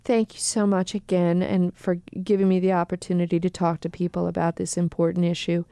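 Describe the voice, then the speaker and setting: A woman attorney answering questions on a radio talk show in a careful, measured way with frequent pauses. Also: fairly low pitch, flat delivery, gravelly, mellow, clear, resonant tone, no room sound, studio quality. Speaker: attorney guest.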